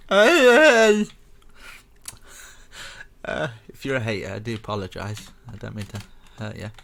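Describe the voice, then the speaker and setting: Gravelly low-voiced young man explaining a build. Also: little pitch movement, quick pace, fairly bright tone, slight background noise. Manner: chatty and rambling, self-mocking asides. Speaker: building tutorial host. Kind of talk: casual step-by-step game tutorial.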